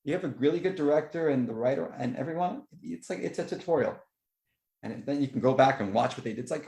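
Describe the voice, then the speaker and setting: A man hosting a podcast, telling movie stories in a rambling, excitable way. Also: fast, vocal fry, roomy sound. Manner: rambling, excitable storytelling with lively jumps in pitch. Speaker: podcast host. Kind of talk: casual chat.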